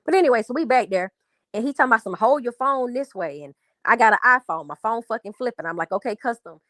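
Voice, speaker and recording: A woman co-hosting a live stream, telling a long story in a rambling, profane, animated way. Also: fairly high pitch, fast, no echo. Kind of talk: casual storytelling.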